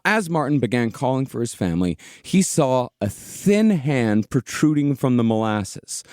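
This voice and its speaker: A man hosting a comedic history podcast, telling the story in a steady way with casual swearing. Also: mid-range voice, no room sound, clean studio sound. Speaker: podcast host, narrator.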